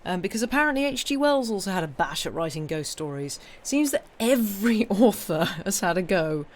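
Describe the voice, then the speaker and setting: A woman's voice: medium pitch, big pitch swings, a little fast, darkish tone. A woman livestreaming, chatting with viewers in a hesitant way before reading a ghost story aloud. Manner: chatty, hesitant, many ums. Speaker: streamer reading ghost stories. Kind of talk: casual chat with live chat, then story reading.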